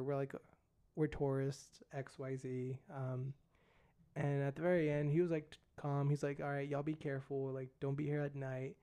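A man's voice: on the high side, mellow. A young man, a missionary guest, casually telling a story and saying "dude" and "like" a lot. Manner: laid-back, fillers like "dude" and "like".

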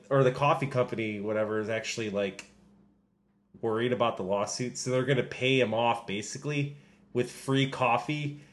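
Young male co-host, casual and halting, average pitch. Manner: hesitant, many ums and restarts. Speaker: podcast co-host. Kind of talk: casual sports podcast chat.

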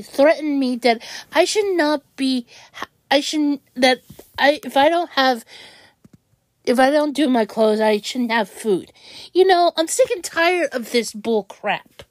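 A young woman vents to camera in a slow, upset, halting way, breaking off and restarting her sentences. Her voice sits high, and the sound is dry and close, with no room around it. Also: no echo. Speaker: vlogger. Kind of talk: venting monologue.

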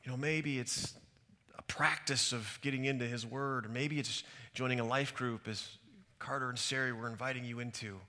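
A man's voice: mid-range voice, steady tone, normal speed, pushed and bright. A middle-aged man, a pastor, preaching a sermon and telling personal stories in an earnest, reflective way, recorded on a stage mic in a large church hall. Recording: hall reverb.

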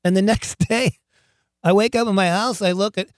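A man telling wild stories in an interview, excitable and profane, stammering, laughing often and breaking into loud shouts. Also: high-pitched, normal speed, dry recording, clean studio sound. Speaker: guest, rock singer. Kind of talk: animated storytelling in an interview.

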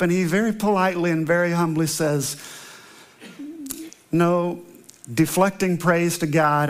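A man pastor opening with prayer, then preaching a sermon in an earnest storytelling manner, slowing down to stress repeated lines. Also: high-pitched. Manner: earnest storytelling, emphatic slow repetitions.

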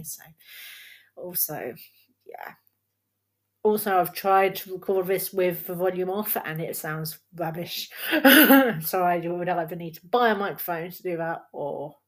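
Chatty woman on a laptop mic. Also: mid-range voice. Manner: chatty and rambling, laughing often. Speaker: podcast host. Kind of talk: casual solo film podcast chat. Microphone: laptop built-in mic.

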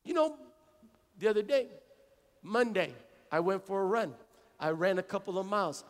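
A man's voice: sits high, lively intonation, moderate pace, big-room sound. A male pastor preaching a conversational sermon to his congregation, repeating phrases and acting out little dialogues. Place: church sanctuary.

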